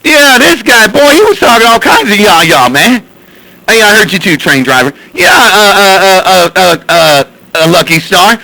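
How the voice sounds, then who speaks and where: A man's voice: sits high, animated, moderate pace, gravelly, sharp tone, slight background noise, poor audio. A man chatting and laughing over CB radio, stammering and repeating himself. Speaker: CB radio host. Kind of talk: casual CB radio banter.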